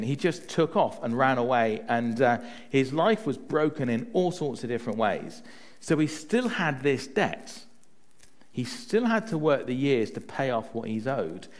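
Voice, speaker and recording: A male preacher giving a relaxed, conversational sermon. His pitch moves a lot as he talks, rising and falling with the story. He keeps checking in with his listeners and drops into personal anecdotes to make his point. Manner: chatty, often adds "right?" to check in with listeners.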